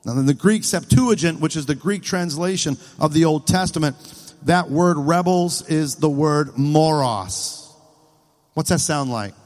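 A male preacher with a voice high for a man delivers a sermon at a measured pace, telling stories in a playful, animated way and asking his listeners questions. A long reverb rings around him in the hall.

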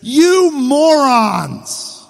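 A man's voice: high voice, steady tone, a little slow. A man voicing an exasperated ancient leader who scolds his people with mocking contempt. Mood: scornful. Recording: long hall reverb.

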